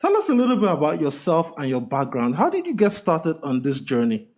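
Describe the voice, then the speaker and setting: A man's voice: fairly high pitch, huge pitch swings, a little fast, a little mellow. A man hosting a business podcast, introducing his guest and asking questions in an upbeat way. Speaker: podcast host. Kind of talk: interview introduction.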